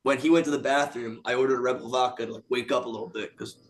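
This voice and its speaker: A man's voice: medium pitch, fairly even intonation, very fast, a little hiss or hum. A man from the Philadelphia area, a band member, telling stories in a casual interview, laughing and swearing freely. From Philadelphia area, USA. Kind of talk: casual storytelling.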